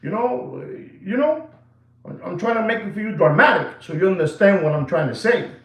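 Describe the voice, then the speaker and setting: High lively guy rambling thru a story, lots of "you know", echoey room. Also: moderate pace. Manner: rambling, animated, full of "you know" fillers. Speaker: watch dealer channel host. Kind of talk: casual livestream storytelling.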